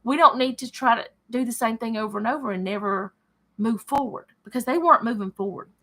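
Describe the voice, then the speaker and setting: Bright, chatty woman reading scripture. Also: a little high, brisk. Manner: chatty, thinks aloud and corrects herself. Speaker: Bible study leader. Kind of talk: reading scripture aloud with casual commentary.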